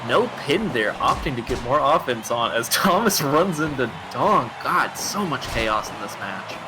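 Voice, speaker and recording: A man doing live wrestling commentary, excitable and often laughing at the action. His voice sits at a middling pitch, and music plays clearly behind him. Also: unhurried. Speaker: play-by-play commentator.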